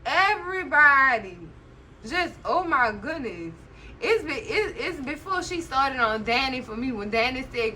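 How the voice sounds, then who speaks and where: Host read: woman, high register, bright tone, gossipy recap chatter, laughs a lot. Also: measured pace, slight background noise, low-quality recording. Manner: chatty, animated, constantly says "girl"; laughs often while talking. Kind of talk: casual TV recap commentary.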